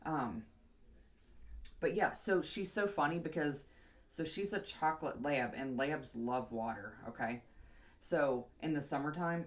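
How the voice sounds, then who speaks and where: A woman's voice: sits low, lively intonation, measured pace. Chatty woman rambling while styling hair. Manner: rambling, chatty, with muttered asides to herself. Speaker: vlogger. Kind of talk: casual storytelling while doing her hair.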